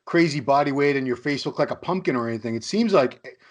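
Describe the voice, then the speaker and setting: Quick chatty guy hosting, asks long rambling questions. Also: medium pitch, expressive. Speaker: interview host, magazine editor. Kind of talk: casual interview talk.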